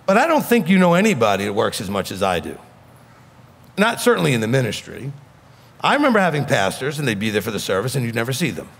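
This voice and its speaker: Blunt New York rabbi preaching in a hall. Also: male voice, on the high side, vocal fry. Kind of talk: sermon.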